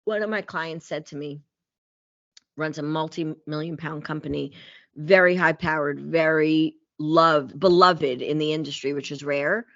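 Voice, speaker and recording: A woman speaking as a blunt, animated coach who swears freely and talks with a low, dry voice. The sound is slightly dull and lo-fi, with no room echo. It suits a casual podcast chat. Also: a little slow.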